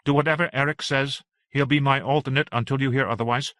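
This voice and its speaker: A man voicing a resolute female starship captain who gives steady, quiet orders. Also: mid-range voice, fast talker, no echo, studio quality, voice pushed up, close to an everyday voice. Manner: steady, firm, quietly commanding.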